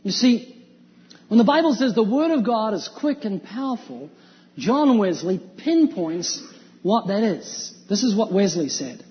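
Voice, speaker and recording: A man's voice: sits high, very animated, a little slow. A man preaching an evangelistic sermon, emphatic and full of rhetorical questions. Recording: dull lo-fi sound with long hall reverb.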